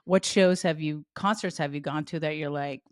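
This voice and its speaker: A woman's voice: sits low, moderate pace, dry recording, studio quality. A woman co-hosting a casual chat podcast, asking questions and laughing often as she talks. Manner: giggly, warm interviewer with frequent laughs. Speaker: podcast co-host.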